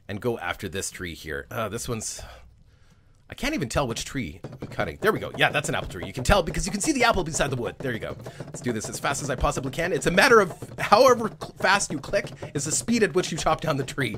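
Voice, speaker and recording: Male gaming host, cheerful running commentary with a lively voice that swoops a lot. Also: mid-range voice, a little hiss or hum. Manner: chatty and upbeat, laughs often, thinks aloud while playing. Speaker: let's play host. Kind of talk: casual gameplay commentary.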